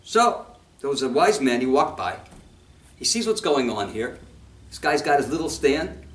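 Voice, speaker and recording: Animated rabbi, echoey room, far mic. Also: male voice, mid-range voice, normal speed. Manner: animated storytelling, mixes Hebrew quotes and English. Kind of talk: sermon on scripture. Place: congregation hall.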